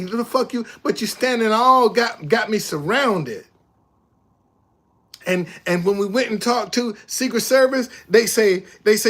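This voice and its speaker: An older man streaming live, retelling a confrontation with heavy profanity and repetition, then chatting with viewers. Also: measured pace. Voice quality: profane, emphatic storytelling with repetitions. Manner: animated, loud retelling, drops low when reading chat. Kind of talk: casual live stream talk.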